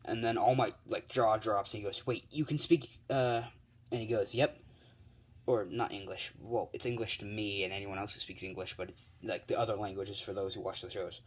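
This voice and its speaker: A young man spins an improvised fan story out loud, rambling and full of fillers and restarts. His voice sits low. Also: fairly even intonation, fairly quick.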